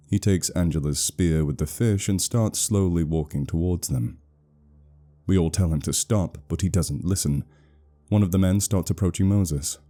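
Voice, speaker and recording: A man with a very low, deep voice narrates a horror story. His tone is extremely dark and mellow, and his telling is steady and measured. Faint music plays underneath.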